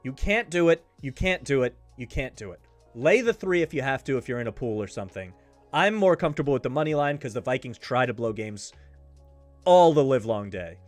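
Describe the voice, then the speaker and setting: A man's voice: medium pitch, animated, fairly quick, no room sound. Dude doing his sports picks show, super emphatic, dry close mic, faint music under. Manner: emphatic, repeats himself for stress. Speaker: sports betting show host. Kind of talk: casual betting picks talk.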